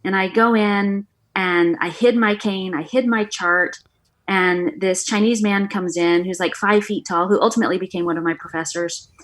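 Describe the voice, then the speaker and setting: A middle-aged woman talks as a guest on an interview show. She tells her story with lots of energy and acts out the lines of the people in it. Her voice sits at an ordinary middle pitch for a woman. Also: moderate pace. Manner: animated storyteller, acts out quoted dialogue. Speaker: guest, author and former acupuncturist.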